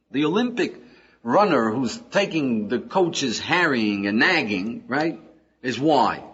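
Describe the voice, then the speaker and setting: Husky guy giving a rabbi's class, chatty, keeps saying right? yeah?, muffled old tape. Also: medium pitch. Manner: lively, acts out everyday scenes. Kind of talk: informal lecture. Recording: dull lo-fi lecture recording.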